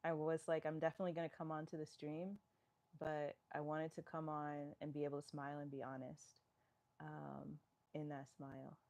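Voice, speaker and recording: A woman's voice: sits low, darkish tone. A woman from New York, a fitness live-stream host, chatting casually as she reads viewer comments aloud and answers them.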